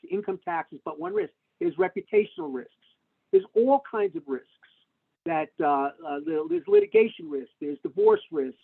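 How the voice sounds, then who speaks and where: A middle-aged man answers interview questions in a gravelly, somewhat high voice, rambling with lots of fillers and restarts. His pitch jumps around a lot. The audio is thin and tinny, as if it came through a video call. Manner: animated storytelling with frequent fillers and restarts. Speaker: tax lawyer, interview guest. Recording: tinny phone-like webinar audio.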